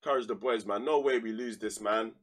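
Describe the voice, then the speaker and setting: A man's voice: fairly low pitch, brisk, a bit bright. A young man, casually commentating his football manager game on a live stream, full of slang, flaring into heated outbursts and then dropping to mutters.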